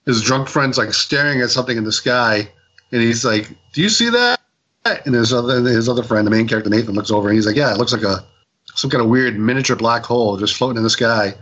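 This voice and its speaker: On a comics review podcast, a co-host with a mid-range voice rambles through a story recap, stumbling over fillers and restarting lines. Quoted dialogue comes out in animated little character voices, all captured on dull-sounding audio.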